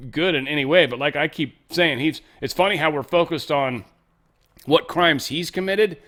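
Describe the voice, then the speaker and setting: A man's voice: medium pitch, a bit bright. An American man hosting a show, giving rambling, irreverent news commentary and swearing freely. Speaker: show host.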